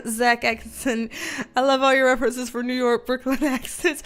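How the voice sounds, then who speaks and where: A high-pitched woman with a Southern US accent chats casually on a livestream. She is loose and colloquial and throws in a mild curse now and then. She laughs often as she reads viewer comments aloud, with faint music playing behind her. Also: fairly even intonation, moderate pace. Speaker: livestream host and tarot reader.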